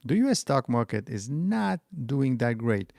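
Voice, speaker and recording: A middle-aged man with a French accent hosts a stock market channel livestream, rambling loosely, restarting sentences and replying to chat comments. His mid-range voice swings widely in pitch, unhurried and slightly mellow, with vocal fry. The studio recording is clean, with no room sound.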